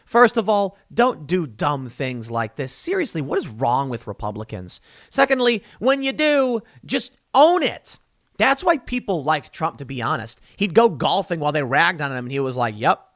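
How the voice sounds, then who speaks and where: A man talking in a rather high voice that swoops and jumps with animated emphasis, as if he were performing every line. He hosts his own commentary show and speaks sarcastically in a dry, close-miked monologue. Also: moderate pace, no echo. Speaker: show host.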